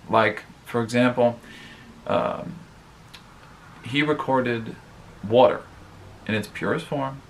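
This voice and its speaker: A man's voice: mid-range voice, gravelly, a little hiss or hum. A man hosting his own advice vlog, talking casually and rambling, with lots of fillers and frequent asides to his viewers. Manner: rambling, filler-heavy, addresses viewers directly. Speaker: vlogger host.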